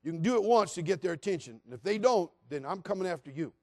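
A man preaching a sermon as pastor, passionate, moving between loud appeals and hushed, quiet passages. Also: sits high, expressive, fast, dry recording, clean studio sound.

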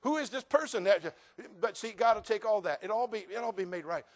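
A male pastor preaching a sermon, animated and humorous, acting out voices of people in his congregation. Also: sits high, fairly quick.

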